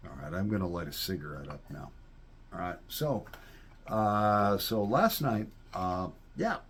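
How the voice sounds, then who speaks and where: A man's voice: low voice, animated, unhurried, a little hiss or hum. A man in a folksy, rambling casual chat to viewers, often tossing in "all right?" asides. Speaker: vlogger.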